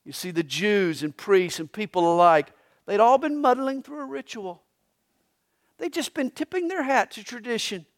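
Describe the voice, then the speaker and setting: Guy with a really high voice preaching in church, storytelling style, goes quiet then loud. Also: expressive, normal speed. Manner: dramatic storytelling preacher, swings between hushed and loud. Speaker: pastor. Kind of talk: sermon. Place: church sanctuary during a live Sunday service.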